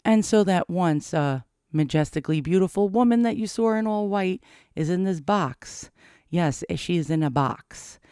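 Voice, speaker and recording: A middle-aged man rambling anxiously to camera in a casual confessional vlog, cursing often and cracking dark jokes. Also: sits high, animated, normal speed, clear, resonant tone, no room sound, studio quality. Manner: rambling, profane, darkly joking. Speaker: vlogger.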